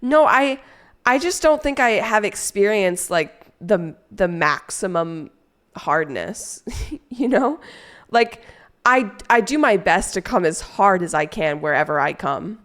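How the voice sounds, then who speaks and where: A woman's voice: mid-range voice, expressive, takes it slowly, fairly bright tone. A young adult woman streaming live, chatting casually with viewers in a rambling, crude and playful way as she reads chat aloud.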